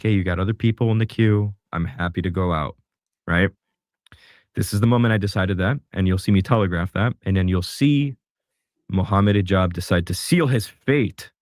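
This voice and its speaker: A man's voice: deep voice, a little mellow, no echo, studio quality. A man co-hosting a casual reaction chat, with exasperated, sarcastic asides about a debate clip.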